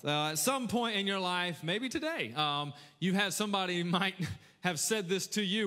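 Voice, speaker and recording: A man preaching a lively, conversational sermon as a pastor, talking straight to his congregation. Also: high-pitched, brisk. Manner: energetic, conversational preaching with audience call-outs. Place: large church hall. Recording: echoey church hall with long reverb.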